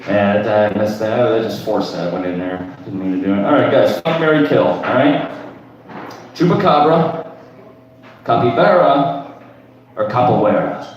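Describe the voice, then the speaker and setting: A man's voice: fairly low pitch, a little slow, long pauses, muffled recording, slight background noise. A man in his thirties doing crude, rambling open mic stand-up, tagging lines with "right?". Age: 30s. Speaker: stand-up comedian. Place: comedy club stage. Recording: echoey room from far off.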